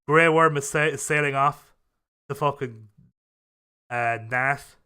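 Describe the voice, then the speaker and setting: A man's voice: medium pitch, steady tone, slow pace, bright, forceful tone, clear, resonant tone. A young man hosting a casual chat show, talking in a profane, rambling way full of fillers and restarts. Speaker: podcast host.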